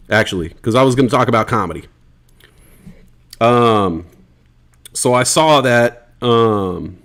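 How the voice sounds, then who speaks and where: Loose, rambling American man. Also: mid-range voice. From United States. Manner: loose, rambling, swears freely. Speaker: podcast host. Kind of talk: casual solo podcast chat, reading listener comments.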